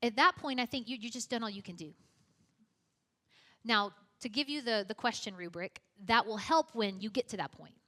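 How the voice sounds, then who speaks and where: A woman's voice: fairly high pitch, moderate pace, bright, forceful tone. A young woman giving a conversational teaching talk, chatty and self-deprecating, with frequent casual asides. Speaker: youth apologetics teacher.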